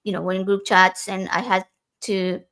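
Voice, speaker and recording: A woman's voice: medium pitch, level tone, moderate pace, a bit bright. A woman talking earnestly and personally in a casual podcast conversation, with frequent fillers and restarts.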